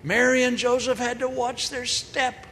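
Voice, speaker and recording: A woman giving a humorous sermon in a large hall, telling stories in a lively way and acting out the voices she quotes. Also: fairly high pitch, a little slow. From grew up on a farm. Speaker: speaker, preacher. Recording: long hall reverb, faint noise.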